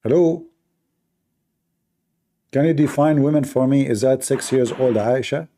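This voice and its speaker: A man's voice: medium pitch, a little slow, warm tone. A male livestream debate host who talks in a mocking, combative way, with sarcastic jabs and broken, non-native grammar. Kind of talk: combative live debate talk.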